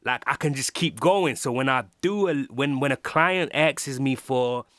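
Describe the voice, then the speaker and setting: A man's voice: mid-range voice, measured pace, fairly bright tone, no echo, clean studio sound. A man with a London English accent, a music producer talking through a casual tutorial, rambling with lots of ums and restarts. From England.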